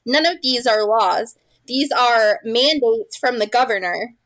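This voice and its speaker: A woman's voice: on the high side, measured pace, a bit bright, no room sound, poor audio. A woman guest on a podcast, arguing her point bluntly and lecturing in casual chat.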